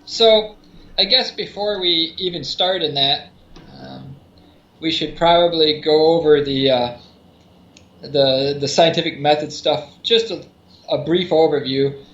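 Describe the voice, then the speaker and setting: A man with a slightly high voice talks through his explanations, circling back with fillers and restarts. His audio sounds echoey, as if recorded in a bare room. The sound is dull and lo-fi. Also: measured pace, fairly bright tone. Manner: rambling, many restarts and fillers. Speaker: podcast co-host. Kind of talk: casual explanatory podcast talk.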